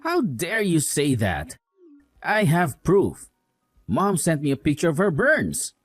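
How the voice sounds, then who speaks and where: A man plays a young husband who blindly takes his mother's side and scolds his wife with contempt. His pitch jumps around a great deal as he lectures. The sound is dry and close, with faint music underneath. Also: wildly swooping pitch, slow pace, no echo, exaggerated voice. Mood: scolding. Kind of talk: voiced drama story.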